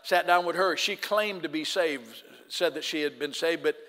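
A man preaching in a church, his bright, ringing voice trailing off into a long hall reverb. He swings from loud exhortation down to a hushed storytelling tone. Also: fairly high pitch, normal speed. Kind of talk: sermon.

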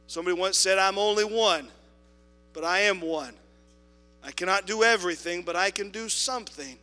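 A man preaching a sermon in a church, telling a story with quoted voices and swinging between loud appeals and soft asides. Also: high-pitched, in a large hall. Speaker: pastor. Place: church sanctuary.

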